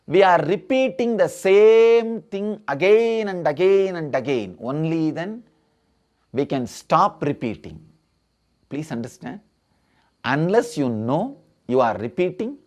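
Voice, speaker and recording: A man giving a sermon as a spiritual teacher, slow and emphatic, repeating his key phrases. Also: fairly high pitch, darkish tone.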